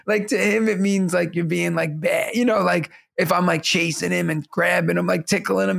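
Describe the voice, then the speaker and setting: Gravelly-voiced man telling funny stories. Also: sits high, normal speed, hardly any pauses. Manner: laughing storyteller, animated anecdotes. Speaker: podcast co-host. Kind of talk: casual chat.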